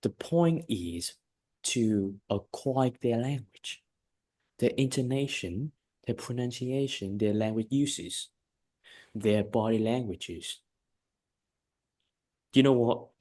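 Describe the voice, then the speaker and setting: A man's voice: mid-range voice, slow, pauses often, warm tone. A man teaching English one-on-one, giving emphatic, repetitive advice and often checking in with his student. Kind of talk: one-on-one lesson feedback.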